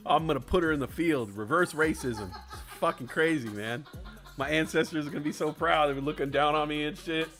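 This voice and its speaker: A man's voice: on the high side, a little fast, fairly bright tone, faint music behind. A man hosting a live stream, chatting casually with joking, profane rambling. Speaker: stream host. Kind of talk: casual comedic chat.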